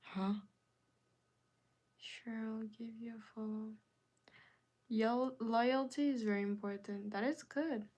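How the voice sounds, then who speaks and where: A woman hosting a casual live stream, her voice pitched a little high and her pace unhurried. She reads viewer comments aloud and keeps repeating her question to the chat, now and then dropping into soft, half-whispered asides. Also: steady tone. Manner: drifts from loud rallying calls to soft near-whispered asides.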